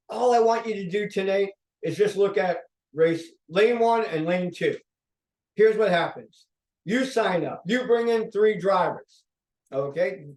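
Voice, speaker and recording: A man with a high voice gives an energetic sales pitch to a room. He keeps checking in with his listeners. His voice sounds distant and echoey. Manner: upbeat pitching, checks in with "okay?". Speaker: company founder presenting. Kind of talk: sales presentation.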